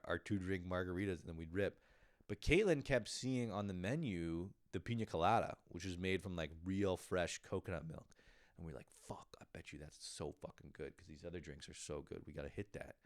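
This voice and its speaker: A man's voice: lowish voice, no echo, studio quality. A young man hosting a podcast, telling a casual, profane story with frequent laughs and acted-out quotes. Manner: laid-back, profane, laughing often, acting out quotes. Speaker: podcast host.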